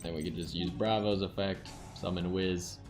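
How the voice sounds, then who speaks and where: A man calmly narrating his card game moves and thinking aloud as he plays. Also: low voice, normal speed, soft background music. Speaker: gaming channel host. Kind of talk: casual game commentary.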